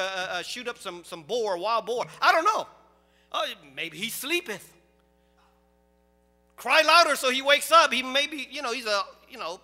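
A high, very bright male voice preaches a sermon, moving from soft storytelling to loud, animated calls. The sound carries a long hall echo with faint music behind it. He talks as a pastor to his congregation.

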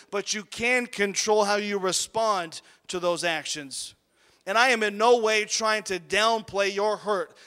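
Brief: high, crisp-voiced male preacher, lively sermon storytelling, long church-hall reverb. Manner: animated storytelling, sudden volume swings. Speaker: pastor.

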